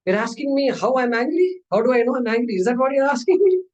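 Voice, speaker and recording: A man's voice: extremely high pitch, animated, darkish tone, distant mic, lo-fi sound, voice pushed up. A man voicing an indignant, angry man who is outraged at being questioned in a therapy session. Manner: incredulous, rising outrage, rapid questions.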